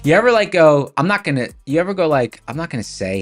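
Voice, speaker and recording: A man's voice: mid-range voice, quick pace, hardly any pauses. A man hosting a live stream in casual chat, talking in a rambling, self-correcting way, with faint music behind. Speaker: livestream host.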